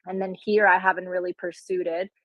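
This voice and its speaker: A woman's voice: on the low side, level tone, fairly quick, dry recording, lo-fi sound. Gracious woman, dry sound. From Puerto Rico. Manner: gracious, effusive. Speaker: guest speaker and content creator. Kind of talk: casual chat on a live audio space.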